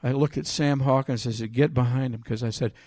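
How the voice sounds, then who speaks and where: A man preaching a sermon, reading scripture aloud with loud emphasis and telling a personal story in a quieter voice. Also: mid-range voice, fairly even intonation, a little fast, no room sound, studio quality.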